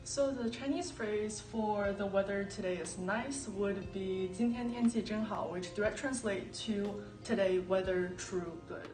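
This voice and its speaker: A woman, a former student, explaining phrases in a plain, steady way. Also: medium pitch, measured pace, hardly any pauses. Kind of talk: casual explanation. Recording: roomy, distant mic, faint music.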